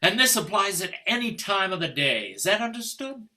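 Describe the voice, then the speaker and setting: Heavily acted and very animated, an older stage actor voices Richard, a cold, formal, middle-aged English husband, in a play reading held over video call. He speaks at normal speed in a high, bright, forceful voice, with crisp diction and sarcastic menace.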